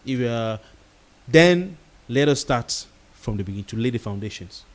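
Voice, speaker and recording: A man's voice: mid-range voice, lively intonation, normal speed. A Nigerian-accented man hosting a late-night talk show, giving a heated commentary monologue with pidgin words mixed in. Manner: passionate and ranting, mixing pidgin words.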